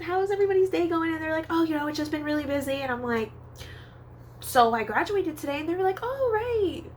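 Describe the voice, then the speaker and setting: A woman's voice: fairly bright tone, a little hiss or hum. A young woman vlogging a candid storytime, chatty with lots of fillers, nose a little stuffy from allergies. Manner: chatty and candid, many fillers, acts out quoted voices in a high pitch. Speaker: psychic tarot reader and vlogger. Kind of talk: casual storytime monologue. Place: Hawaii.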